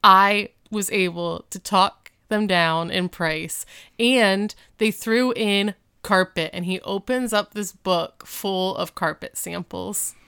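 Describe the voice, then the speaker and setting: A woman's voice: mid-range voice, slow pace, vocal fry, bright, forceful tone, smooth. A woman co-hosting a casual chat, retelling a TV episode with giggles and acted-out lines. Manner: giggly, acts out characters' lines. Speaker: podcast co-host.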